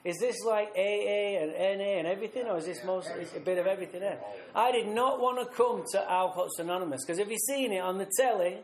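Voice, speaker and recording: A man's voice: sits high, quick pace. A man with a Manchester accent giving a frank, self-mocking recovery testimony to a retreat audience. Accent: Mancunian. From England. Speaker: recovery speaker. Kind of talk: personal testimony talk. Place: retreat hall. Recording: echoey hall.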